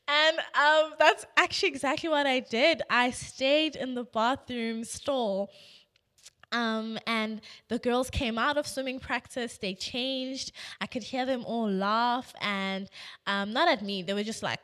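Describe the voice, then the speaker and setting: Bright-voiced young woman. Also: fairly high pitch, slow. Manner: animated, swings between quiet reflection and excited retelling. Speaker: podcast host. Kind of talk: personal storytelling podcast.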